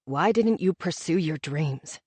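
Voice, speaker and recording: A woman voicing a gentle, earnest young man. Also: low voice, animated, measured pace, slightly rough, no room sound, voice pushed down, exaggerated voice. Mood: pleading. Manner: gentle, soft-spoken, pleading. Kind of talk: audiobook character voice.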